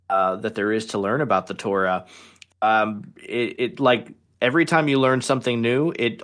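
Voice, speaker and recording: A man of middle pitch talks reflectively as a podcast guest. He fills his sentences with "you know" and "um" as he thinks aloud. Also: fairly bright tone. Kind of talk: casual chat.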